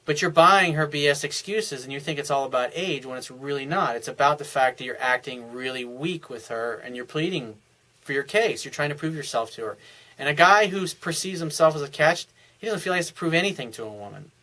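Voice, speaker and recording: A man's voice: fairly high pitch, brisk, pushed and bright, rough recording. A man working as a dating coach, reading out a listener's letter and answering it in a blunt, emphatic, lecturing way.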